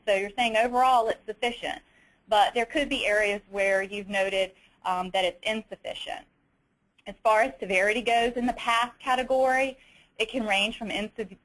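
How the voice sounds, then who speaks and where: A woman with a Southern US accent leads an instructional webinar. She explains each slide step by step in a methodical way, pausing on fillers and restarting her phrases as she works through the material. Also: mid-range voice, fairly bright tone, rough recording. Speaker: webinar presenter.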